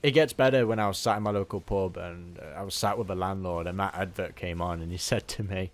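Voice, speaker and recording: Excitable man playing a game. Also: deep voice, moderate pace. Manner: excitable, self-mocking, prone to laughing outbursts. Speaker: gaming channel host. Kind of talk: casual let's-play chat.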